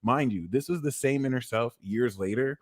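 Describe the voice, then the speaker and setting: A young man doing a live tarot reading, telling stories in a casual, slangy way and now and then bursting into loud acted-out lines. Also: mid-range voice, normal speed. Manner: animated, slangy, swings into loud acted-out exclamations. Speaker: tarot reader.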